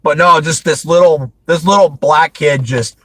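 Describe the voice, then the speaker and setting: A man's voice: on the high side, a little slow, dry recording, low-quality recording. A man hosting a casual movie review chat, rambling with frequent restarts and laughing often. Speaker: host.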